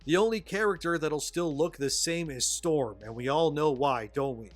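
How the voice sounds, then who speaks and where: A man's voice: a little high, normal speed, no room sound, faint music behind. A man reading scripted pop-culture commentary in a sarcastic, exasperated way. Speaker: commentary video narrator.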